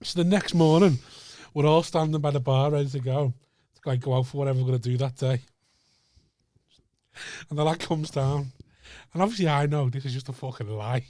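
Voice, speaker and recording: A man, co-hosting a podcast and telling a story in casual chat, animated, sweary and full of repeated words. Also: mid-range voice, brisk, no room sound, studio quality. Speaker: podcast co-host.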